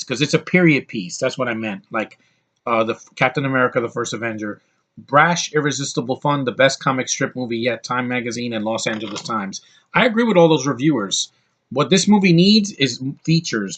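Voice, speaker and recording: A man's voice: medium pitch, fairly bright tone. A man in his thirties talking casually and enthusiastically about a movie he loves, rambling with lots of fillers and restarts. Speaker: movie reviewer. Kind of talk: casual movie review monologue.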